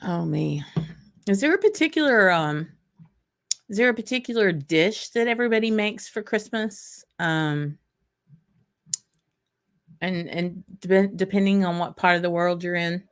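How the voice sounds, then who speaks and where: Speaking a bit slowly with long pauses in a lowish voice, a Southern woman from Arkansas hosts a casual livestream. She rambles, reads viewers' comments out loud, and laughs and uses fillers a lot.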